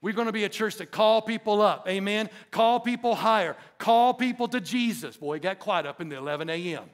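A man's voice: sits high, brisk. A man preaching a sermon as pastor of his church, emphatic, with call-and-response asides to the congregation. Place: church sanctuary.

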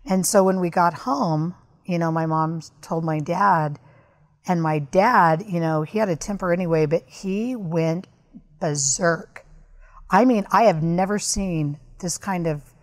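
A woman's voice: lowish voice, a little slow. A woman guest on a podcast, candidly and earnestly recounting a personal story.

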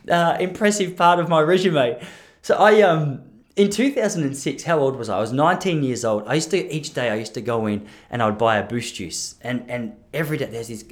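A man in his thirties, talking casually and rambling as a podcast host, joking at his own expense and laughing at his own lines. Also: fairly high pitch. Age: 30s. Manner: chatty, self-mocking, laughs at own jokes.

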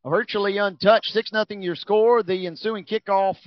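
High-pitched excited football announcer man. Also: normal speed, no room sound, muffled recording. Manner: energetic, rising on big plays. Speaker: play-by-play announcer. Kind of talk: high school football commentary.

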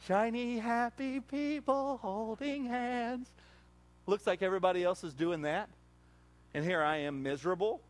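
Guy preaching, fairly high voice for a man, lots of animated rhetorical questions. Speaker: pastor. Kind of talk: sermon.

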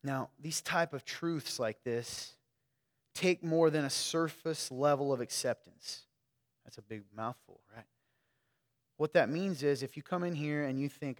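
A man preaching a sermon in a church, talking conversationally and swinging between quiet asides and loud emphatic stretches. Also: medium pitch, big-room sound. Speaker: pastor. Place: church sanctuary.

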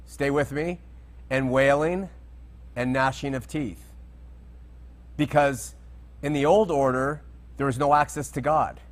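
Man, Bible teacher, conversational, somewhat high voice, digressive, checks in with listeners. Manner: conversational, digressive, asks listeners if they follow.

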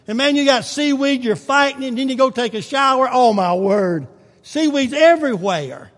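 A man preaching a sermon, swinging from quiet, low passages to loud, urgent ones, with folksy asides. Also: animated, normal speed. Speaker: pastor. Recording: long reverb of a church hall.

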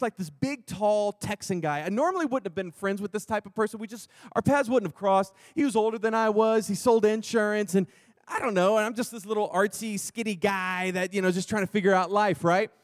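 Male preacher, fairly high voice, dry close mic, testimony sermon with big swings in volume. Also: no room sound. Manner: swings from hushed, slow intensity to loud, excited storytelling. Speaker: pastor.

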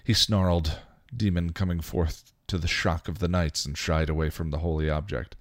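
Deep male reader, dry, for steady story narration. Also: normal speed, no room sound. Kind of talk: reading fan fiction aloud.

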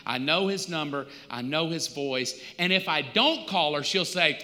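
A man's voice: on the high side, animated, normal speed, pushed and bright, in a large hall. A male pastor, preaching in a conversational, storytelling way with touches of humor. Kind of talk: sermon.

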